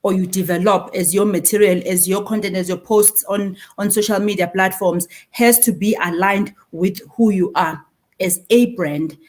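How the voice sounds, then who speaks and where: Speaking at a moderate pace in a mid-range voice, a Zulu-accented South African woman in her forties delivers a lively panel talk at a conference. She works in marketing and mixes Zulu phrases into her remarks.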